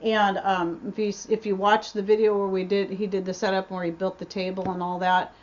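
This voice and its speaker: A woman's voice: medium pitch, flat delivery, a little fast. A woman hosting a casual livestream Q&A from her homestead, chatty and rambling, often restarting her sentences. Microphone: webcam mic. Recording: slightly dull webcam audio.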